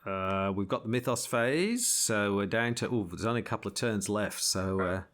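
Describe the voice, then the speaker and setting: A man playing a tabletop card game and reading its story text aloud, relaxed and laughing often. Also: on the low side, normal speed. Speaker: game host.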